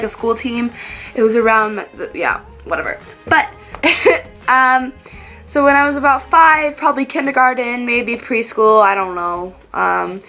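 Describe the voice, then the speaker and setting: Teenage girl, high voice, chatty storytelling vlog, faint music behind. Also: bright, forceful tone. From Texas. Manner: chatty, giggly, acts out childhood quotes. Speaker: vlogger. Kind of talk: casual storytelling to camera.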